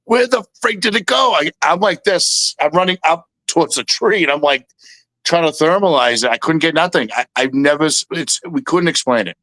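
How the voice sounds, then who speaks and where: A man's voice: a little high, a little fast, fairly bright tone, no echo. A man co-hosting a podcast, telling a story in casual chat and acting out the quoted dialogue. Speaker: podcast co-host.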